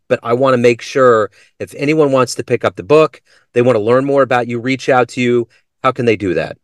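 A man's voice: medium pitch, no room sound, clean studio sound. A man hosting an interview, mostly giving short affirmations and wrapping up with a question. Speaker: interview host. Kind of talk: casual interview.

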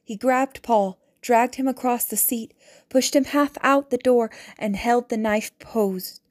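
A woman reading a novel aloud as audiobook narrator, in a measured, deliberate way. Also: a little high, darkish tone.

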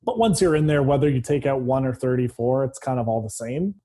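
A man speaking as a guest in a casual conversation, open and matter-of-fact, with a dark sense of humor. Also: medium pitch, brisk.

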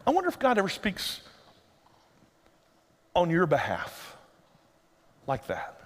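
A man's voice: high-pitched, huge pitch swings, slow, in a large hall. A middle-aged male pastor delivering a sermon in a conversational, humorous storytelling manner.

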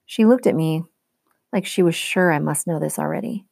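A woman teacher reading a novel aloud in a steady, clear storytelling manner. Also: deep voice, moderate pace, no room sound, studio quality.

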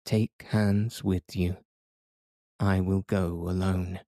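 A man's voice: deep voice, little pitch movement, slow, dark tone, no room sound, studio quality. A man reading an audiobook, voicing a stubborn older male professor in an insistent, commanding way. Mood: stern.

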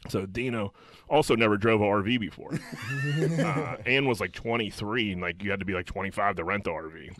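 A man's voice: fairly low pitch, fairly quick, fairly bright tone. A man telling a rambling, profanity-laden story in casual chat with friends, laughing as he goes. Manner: rambling, swears constantly, laughs through his stories.

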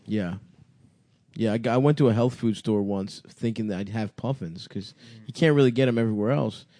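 A man with a hoarse, raspy voice, co-hosting a crude comedy podcast with casual banter. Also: on the low side, brisk, warm tone, no echo. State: hoarse, raspy from smoking and illness. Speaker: podcast co-host.

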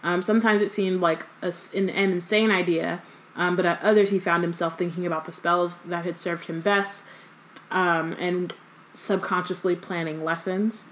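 A woman co-hosting a casual book-club podcast, reading passages aloud with lots of ums and breaking into animated asides. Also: fairly low pitch, moderate pace, slight background noise, rough recording. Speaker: podcast co-host.

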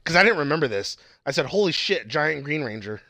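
A young man in casual chat, going through his notes on a TV episode, swearing freely and mimicking the characters in sudden high yelps. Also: very animated, fairly quick, sharp tone, dry recording, clean studio sound. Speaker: co-host reviewing a TV episode.

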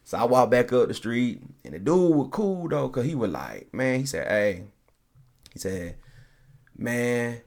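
A man hosting a podcast, telling a long story in a relaxed, animated way, acting out the people he quotes and laughing often. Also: medium pitch, a little slow. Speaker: podcast host. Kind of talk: casual storytelling.

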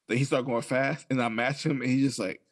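Speaking a little fast in a mid-range voice with fairly even intonation, this young podcast co-host keeps things loose and profane. His casual chat is full of stories he laughs through.

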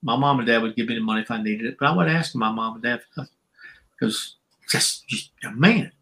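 Animated older man telling wrestling stories. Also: fast talker, poor audio. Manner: animated storyteller, acts out quotes with shifting pitch. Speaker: former pro wrestler, guest. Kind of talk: storytelling interview. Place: podcast recording.

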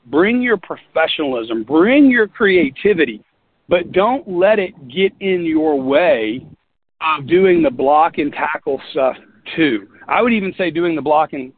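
Man, motivational business talk, folksy and earnest, somewhat high voice, dry tinny phone-like sound. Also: animated, unhurried, breathy edge, dry recording. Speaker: business leader.

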